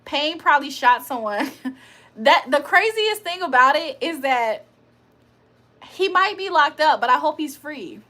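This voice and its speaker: Bright, chatty high-voiced woman streamer. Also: animated, measured pace. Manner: chatty, laughs often, reads comments aloud. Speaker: livestream host reading chat. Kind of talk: casual livestream chat.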